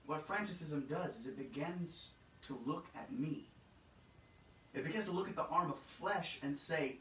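A man preaching a sermon, dramatic and repetitive, swinging between shouts and hushed, low passages. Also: normal speed. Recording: echoey room, mic at a distance.

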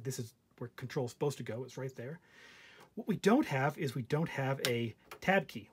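A man's voice: mid-range voice, darkish tone, husky. A man casually presenting a vintage terminal on camera, full of joking asides and fillers, sometimes moving away from the mic. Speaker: vintage computer hobbyist host. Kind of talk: casual show-and-tell vlog.

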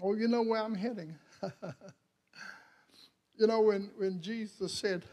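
A man preaching a sermon as a missionary. He talks to the congregation and calls out to them, moves from quiet lines to loud cries, and laughs often. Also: sits high, steady tone, a little slow.

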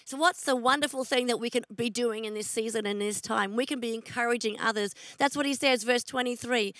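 A woman's voice: fairly high pitch, fairly even intonation, fairly quick, a bit bright, dry recording. A woman pastor with an Australian accent giving an online sermon, earnest and emphatic, often repeating her questions.

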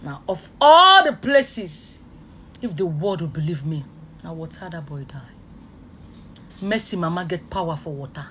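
A speaker with a Nigerian accent, pouring out an emotional online rant in a voice of middling pitch. The talk is emphatic and full of repeated oaths, jumping between loud bursts and quiet murmurs. A faint noise sits under the recording. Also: very animated, unhurried, pauses often.

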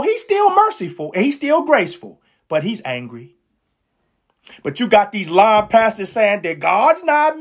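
Her voice on the high side and husky, a woman delivers a fervent live street-style sermon over a stream. She is emphatic, repeats herself, and calls out to listeners using slangy, casual language.

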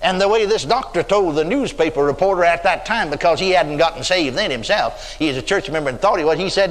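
A man's voice: high-pitched, lively intonation, normal speed, a bit bright, slight background noise. An older man preaching a sermon, telling stories in a folksy way and acting out the voices of the people he quotes. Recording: long hall reverb.

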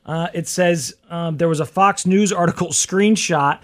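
A man's voice: fairly high pitch, a little slow, fairly bright tone. A man hosting a podcast in casual chat, rambling and laughing often. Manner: chatty, laughs often, trails off. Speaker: podcast host.

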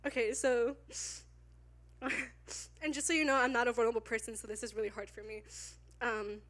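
A woman around twenty, a youth leader, preaching at church, tearful and candid, halting with nervous laughs. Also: a little high, fairly even intonation, fairly bright tone. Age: 20s. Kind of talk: emotional sermon. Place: church sanctuary. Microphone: handheld mic.

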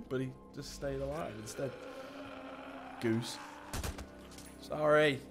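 Excitable gamer, high voice. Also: male voice, moderate pace, pauses often, music in the background. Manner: excitable, jokey, talks to the game characters. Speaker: gaming YouTuber. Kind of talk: let's play commentary.

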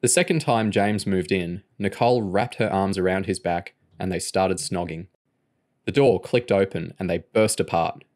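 A man reading chapters of a novel aloud in steady, plain narration. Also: low-pitched, moderate pace. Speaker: audiobook reader.

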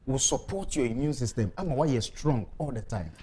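A man speaking persuasively as a talk-show guest, repeating details slowly and clearly. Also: medium pitch, animated, dark tone, a little hiss or hum. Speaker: guest promoting a health product. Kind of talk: casual talk-show chat, mixing Twi and English.

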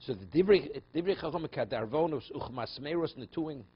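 A man's voice: a little high, expressive, brisk, a little hiss or hum. A man, a rabbi, teaching a text study class, explaining passages phrase by phrase and telling stories in a conversational way with frequent restarts. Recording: dull lo-fi class recording.

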